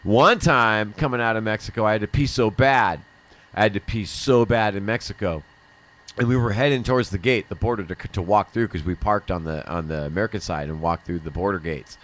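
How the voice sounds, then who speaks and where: A man's voice: lowish voice, fairly quick, a bit bright. A middle-aged man hosting a livestream, telling a rambling personal story in casual chat, often laughing and swearing. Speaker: livestream host.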